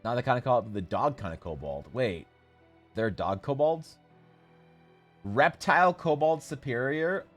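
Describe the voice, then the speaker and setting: A man with a fairly low voice runs a casual drawing livestream and banters with his chat. He jokes in mock outrage and now and then bursts out loud. Soft music plays faintly behind him. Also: very animated, fairly quick. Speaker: artist streaming while drawing.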